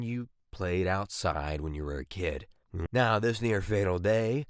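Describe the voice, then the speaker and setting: A man in his twenties tells crude, self-mocking storytime anecdotes for an animation, with sudden loud bursts. His voice sits a little low and sounds smooth and resonant. The recording is close and dry, with no room sound. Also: no room sound. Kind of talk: comedic storytime narration.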